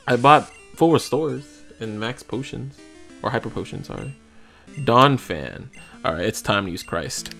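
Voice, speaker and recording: A young man hosting a co-op game video, chatting and reacting in an excitable way. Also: unhurried, creaky, faint music behind. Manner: excitable, jumps high in pitch. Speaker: let's play host. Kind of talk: casual gaming commentary.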